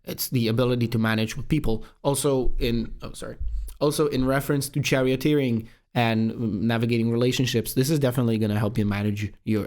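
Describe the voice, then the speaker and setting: A young man hosting a self-improvement video, talking fast and casually with lots of swearing, calling the viewer bro. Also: mid-range voice, a little mellow. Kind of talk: casual monologue to camera.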